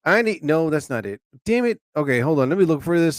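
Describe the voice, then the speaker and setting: A man hosting his own live stream in a loose, rambling way, with quick flashes of frustration and swearing. His voice sits fairly high, and the recording is dry and close. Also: sing-song, no echo. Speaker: live show host.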